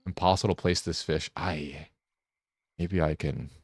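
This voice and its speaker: Deep-voiced young man, joking streamer banter. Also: fairly even intonation, unhurried, no room sound, clean studio sound. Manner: joking, teasing banter with frequent restarts. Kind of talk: casual chat while gaming.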